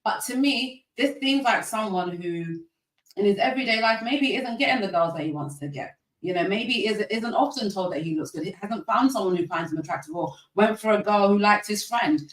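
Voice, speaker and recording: A woman's voice: medium pitch, animated, brisk. A woman on a discussion panel, giving her opinion emphatically and repeating her points. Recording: echoey and distant from the mic.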